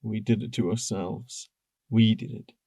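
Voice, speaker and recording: A man voicing a guilt-ridden young stallion pony who speaks quietly through sobs. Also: lowish voice, fairly even intonation, measured pace, no room sound. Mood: broken grief. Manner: quiet, whispering, sobbing.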